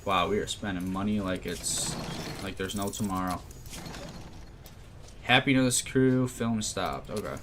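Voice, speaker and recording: In this let's play, a man casually reads out a management game's text and drops in wry remarks as he plays. He has a deep voice, speaks a little slowly and leaves long pauses. The audio carries faint noise and clicks.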